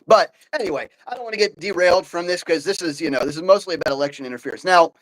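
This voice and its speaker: Animated opinionated male podcast host. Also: high-pitched, rapid-fire, low-quality recording. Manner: animated, opinionated, many fillers and restarts. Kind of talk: casual political talk.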